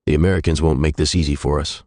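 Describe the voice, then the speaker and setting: A man's voice: a bass voice, steady tone, fast talker, darkish tone, dry recording, clean studio sound. A man voicing a grim, wary British brigadier in a narrated historical story.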